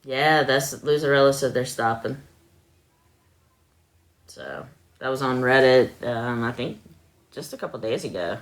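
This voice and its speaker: A woman's voice: very deep voice, measured pace, long pauses. A woman hosting a casual live stream from home into her phone, chatty, laughing often and filling her talk with ums. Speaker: livestream host.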